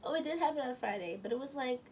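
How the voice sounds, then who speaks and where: A woman's voice: sits high, animated, rapid-fire, a little mellow. Rambling young woman telling a story. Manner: rambling, self-correcting, slangy. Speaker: vlogger. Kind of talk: casual storytime. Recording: from a distance with faint room noise.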